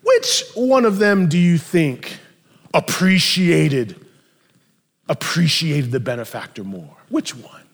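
A male pastor preaching a sermon with animated, emphatic storytelling. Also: fairly high pitch, slow, long reverb tail.

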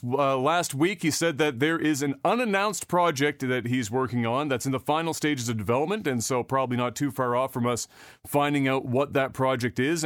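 A man hosts a casual gaming news podcast in a sarcastic, offhand way, swearing freely. His delivery rambles with fillers and restarts. His voice is of middle pitch and sounds dry and close. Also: fairly bright tone, dry recording. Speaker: podcast host.

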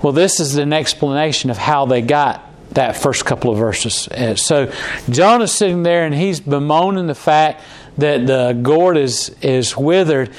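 A man's voice: a little high, measured pace. A man preaching a conversational sermon, restarting words often and acting out quoted lines.

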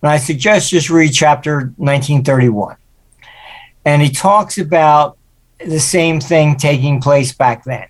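A man's voice: a little high, measured pace. Older male guest; casual storyteller, slips into quoted voices. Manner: anecdotal, acts out quoted voices. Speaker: guest, market forecaster. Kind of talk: interview storytelling.

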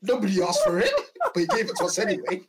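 A wry co-host on a football podcast who keeps laughing through their lines. The delivery is fairly lively in pitch. Loud noise sits under the voice. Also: fast. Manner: wry, laughs while talking. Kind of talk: casual football podcast banter.

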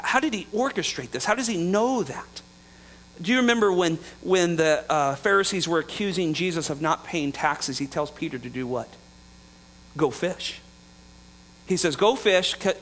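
Pastor, male, light high voice, chatty preaching with chuckles and acted-out dialogue, slight mains hum. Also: fairly bright tone, rough recording. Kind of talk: sermon.

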